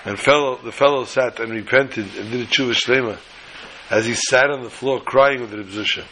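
A man telling religious stories in an animated, dramatic way, repeating phrases for effect. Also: mid-range voice, a little fast, a little hiss or hum, low-quality recording. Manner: animated, dramatic storytelling with repetition. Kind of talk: storytelling lesson.

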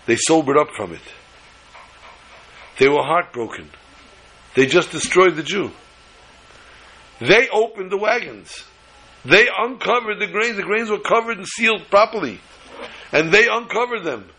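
A male storyteller with a fairly high, bright and forceful voice and a husky texture. He tells the tale with lively repetition and builds momentum as he goes. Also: unhurried, long pauses. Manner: animated, repetitive phrasing. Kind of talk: oral storytelling.

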